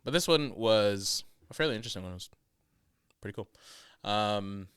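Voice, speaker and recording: A man with a low, smooth, resonant voice hosts a casual podcast among friends. He rambles through a story, stopping often with ums and restarting his sentences. The sound is close and dry. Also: animated, moderate pace, a bit bright, dry recording. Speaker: podcast host.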